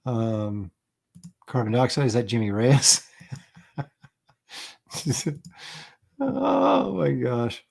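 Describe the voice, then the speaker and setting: A man's voice: medium pitch, animated, drawn-out words, gravelly, long pauses, a little mellow. A middle-aged man hosting a casual livestream, rambling and chuckling as he reads viewer comments aloud. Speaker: livestream host.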